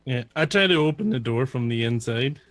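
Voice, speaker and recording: A man's voice: medium pitch, lively intonation, fairly quick, fairly bright tone. A man playing a tabletop game, eagerly describing his character's actions with fillers. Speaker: player. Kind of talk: casual tabletop play.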